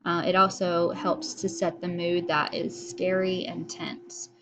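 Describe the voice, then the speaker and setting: A woman's voice: lowish voice, flat delivery, unhurried, background noise. A woman teacher recording a video lesson, explaining in a casual way with frequent fillers.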